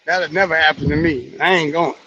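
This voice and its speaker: A man's voice: on the high side, steady tone, fairly quick, highs cut off, background noise. A man co-hosting a morning talk show, trading short laid-back reactions and asides in casual chat.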